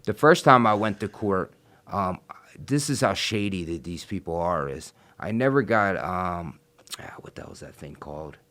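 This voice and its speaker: Deep-voiced blunt profane man. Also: animated, normal speed, a bit bright. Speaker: interview guest. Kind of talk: casual storytelling interview.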